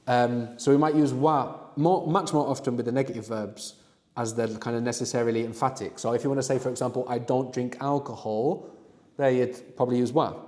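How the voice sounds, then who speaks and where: A man's medium, dark-toned voice carries a big-room sound as he teaches a language lesson. Questions to the student keep coming, and many of his points end with a "no?" tag.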